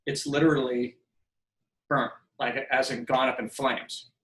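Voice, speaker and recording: A man's voice: mid-range voice, normal speed. Storytelling man in an echoey room. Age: 50s. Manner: animated storyteller who acts out quoted dialogue. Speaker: podcast guest, filmmaker. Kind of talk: casual storytelling interview.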